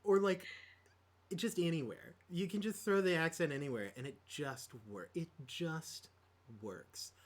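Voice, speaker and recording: A man's voice: fairly high pitch, measured pace. A man co-hosting a podcast in casual chat, rambling with lots of fillers and laughs. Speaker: podcast co-host.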